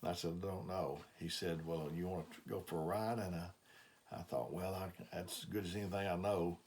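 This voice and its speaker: A man's voice: sits low, fairly quick, darkish tone, slight background noise. An older man with an Alabama accent, preaching a sermon as a plain, folksy testimony with frequent fillers. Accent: Southern US, Alabama.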